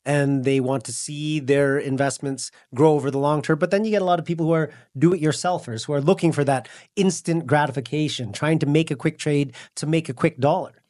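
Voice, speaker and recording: A man's voice: fairly high pitch, fairly even intonation, brisk, darkish tone, dry recording, studio quality. A man appearing as a podcast guest, talking in an easygoing, joking way. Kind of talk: casual podcast chat.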